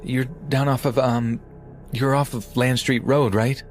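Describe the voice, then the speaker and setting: A man doing a steady, reassuring male dispatcher. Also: medium pitch, unhurried, faint music behind, pitched above the performer's own voice, lightly acted. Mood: calm, reassuring.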